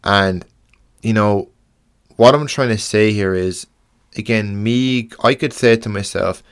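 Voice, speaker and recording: Young Irish male podcast host, slightly low pitch, frank and earnest, halting delivery with restarts. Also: smooth. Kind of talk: casual podcast monologue.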